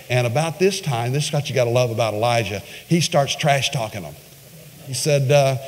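Male preacher, mid pitch, theatrical storyteller, acts out quotes, reverberant sanctuary. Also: fairly quick. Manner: dramatic storytelling, quoting with voices, pitch swings. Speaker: pastor. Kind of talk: sermon. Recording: long reverb of a large hall.

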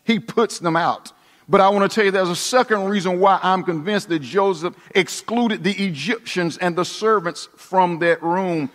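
A man, a pastor, preaching a sermon with emphatic delivery that drops to a hushed intensity and then climbs back up. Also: high-pitched, moderate pace, long reverb tail.

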